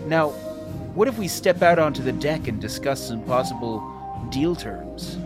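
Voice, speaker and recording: A man voicing a smooth-talking talent agent with fast salesman patter. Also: mid-range voice, animated, music in the background, close to an everyday voice. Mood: schmoozing.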